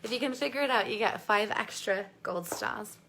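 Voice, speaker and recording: A woman's voice: medium pitch, normal speed, gravelly, a bit bright, slight background noise. A woman coaching a live online workshop, bubbly and effusive, reading out viewers' comments and laughing often. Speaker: life coach.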